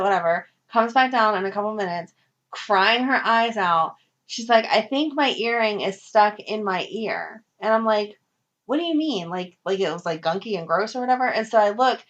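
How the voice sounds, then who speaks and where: A woman in her thirties co-hosting a podcast, telling family stories in a casual, animated way with frequent laughs. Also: fairly high pitch. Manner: animated storyteller, laughs often. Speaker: podcast co-host. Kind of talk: casual chat. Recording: dull lo-fi audio.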